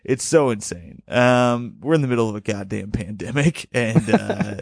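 A man's voice: lowish voice, animated, moderate pace, creaky, a little mellow, dry recording, studio quality. A man hosting a podcast in casual chat, upset and stressed, ranting with swearing and laughing through his complaints. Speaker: podcast host.

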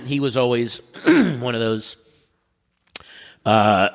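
A middle-aged man chatting casually, telling stories and acting out quotes, with a dry voice and frequent throat-clearing. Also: mid-range voice, extremely slow, big-room sound. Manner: animated storyteller, acts out quotes. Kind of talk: casual chat.

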